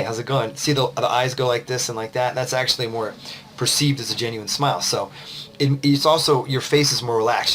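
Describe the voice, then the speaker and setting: A man's voice: medium pitch, a bit bright, slight background noise. A man, a confidence coach, giving casual, rambling advice to the camera while a bit tired. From United States. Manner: conversational, loose, with fillers and restarts.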